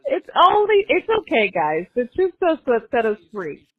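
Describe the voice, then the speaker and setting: Woman podcast host, higher voice, sarcastic comic news recap, dry close sound. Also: huge pitch swings, measured pace, husky, no room sound. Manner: sarcastic, laughs between jokes. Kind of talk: comedic news roundup. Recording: tinny phone-like sound.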